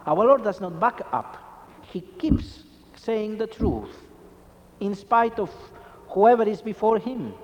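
High-voiced preacher with lively swings. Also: male voice, takes it slowly, big-room sound, muffled recording. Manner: emphatic, with rhetorical questions. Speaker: Catholic preacher. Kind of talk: sermon.

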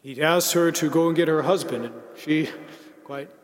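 A man's voice: fairly high pitch, fairly even intonation. Reflective male preacher in a hall. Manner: measured, reflective, slowing down on key words. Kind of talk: sermon. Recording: long reverb in a large hall.

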